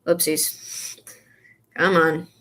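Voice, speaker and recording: A woman's voice: sits low, flat delivery, very slow, bright, forceful tone. A young woman vlogging in a casual, rambling way, stopping now and then to recall names. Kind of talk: casual chat reading and answering comments.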